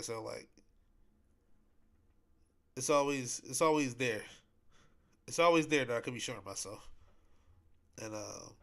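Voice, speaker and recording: In a casual solo podcast chat, the host, a man with a mid-range voice and sharp tone, rambles repetitively, leaning heavily on slang and filler words.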